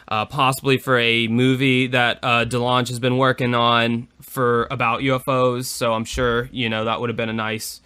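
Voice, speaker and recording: Podcast guy rambling along, lots of ums, bright clean voice. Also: medium pitch, smooth. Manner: rambling, many fillers. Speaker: podcast co-host. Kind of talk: casual chat.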